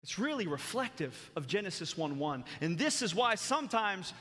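High, bright-voiced man preaching in a hall. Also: big pitch swings. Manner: emphatic preaching with dramatic pauses. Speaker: pastor. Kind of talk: sermon.

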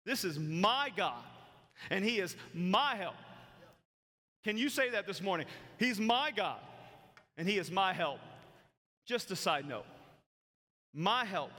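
A man preaching a sermon as pastor, emphatic, with dramatic pauses between phrases. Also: high-pitched, bright, forceful tone, big-room sound.

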